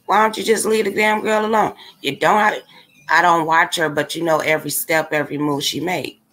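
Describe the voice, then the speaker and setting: A woman with a somewhat low voice rants casually to her livestream audience. She is blunt and exasperated, and she speaks straight to the people watching. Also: steady tone, fairly quick, a bit bright. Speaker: livestream commentator. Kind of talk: casual ranting commentary.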